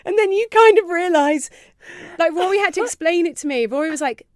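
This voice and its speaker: A young woman with a very high voice tells comic stories as a podcast guest and laughs often. Her delivery is animated, and she was recorded close up in a dry studio with no room sound. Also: a little fast, no room sound. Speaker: comedian guest. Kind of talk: podcast interview chat.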